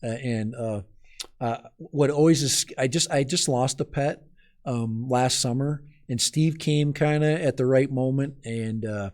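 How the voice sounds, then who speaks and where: A man's voice: medium pitch, measured pace, a little mellow. A man from Minnesota hosting a live stream outdoors in the cold, chatting casually and rambling as he talks straight to his viewers.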